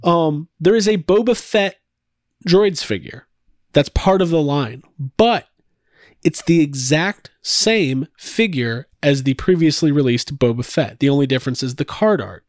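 A man's voice: on the high side, animated, a little slow, no echo, clean studio sound. A man hosting a casual podcast chat, rambling with frequent restarts and laughs. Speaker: podcast host.

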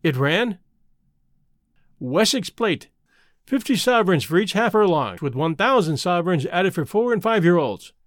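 A man reading a detective story aloud as narrator, measured and expressive. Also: high voice, no room sound, clean studio sound. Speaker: audiobook narrator.

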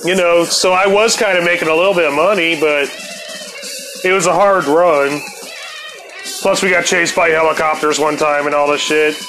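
A podcast host in his fifties shares a personal story full of profanity, keeping things easygoing and cracking himself up as he swears nonstop. His voice is a little high, steady, and a bit bright, at a normal speed. Soft music plays behind a low-quality recording.

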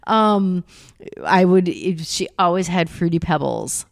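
A woman's voice: on the low side, expressive, unhurried, creaky, no echo, clean studio sound. A woman co-hosting a podcast, chatting playfully and laughing easily. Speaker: podcast co-host. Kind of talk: casual chat.

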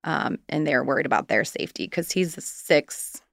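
A woman's voice: low-pitched, lively intonation, a little fast, vocal fry, dry recording, studio quality. A woman in her thirties, a guest candidly recounting a personal story in casual, rambling conversation.

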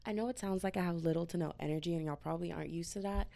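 A woman's voice: fairly low pitch, rapid-fire, vocal fry, mellow, no room sound. A woman hosting a solo podcast, ranting in a slangy, exasperated casual way into a podcast mic. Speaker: podcast host.

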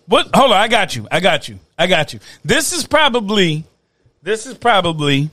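Man, high bright voice, lively, laughing, repeats himself, casual podcast chat. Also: normal speed, no room sound. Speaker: podcast co-host.

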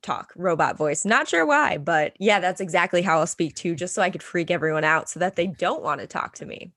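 A woman's voice: fairly low pitch, a little fast, no echo. Chatty young woman, dry close mic. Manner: chatty, laughs often, animated storytelling. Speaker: podcast co-host. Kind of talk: casual sports chat.

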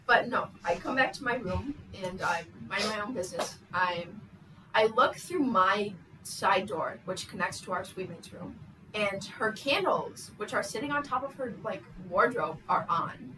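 A young woman guest on a casual podcast, telling a story hesitantly with many pauses and ums. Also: medium pitch, animated. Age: young adult. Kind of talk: casual chat. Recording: distant mic with noticeable background noise.

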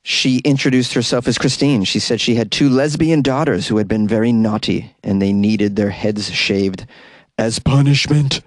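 A man's voice: lowish voice, fairly even intonation, normal speed, hardly any pauses, no room sound. A man hosting a podcast, casually reading odd news stories and stumbling over hard words. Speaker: podcast host.

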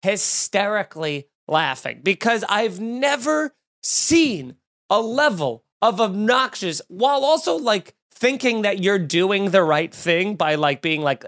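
A man tells a story on a podcast in a casual, animated way. His voice sits high for a man, and it shoots up further whenever he gets excited. He swears freely as he rambles. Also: measured pace. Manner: animated, swearing, rising pitch when excited. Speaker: podcast host.

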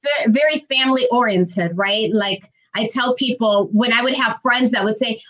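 A woman's voice: a little high, moderate pace, hardly any pauses, poor audio. A woman from Indiana telling her life story as an interview guest, reflective and storytelling. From Gary, Indiana, USA. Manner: warm storytelling, animated when quoting. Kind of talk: conversational interview.

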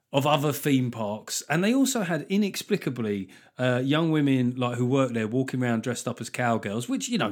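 Sweary ranting podcast host. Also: male voice, mid-range voice. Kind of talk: casual solo podcast monologue.

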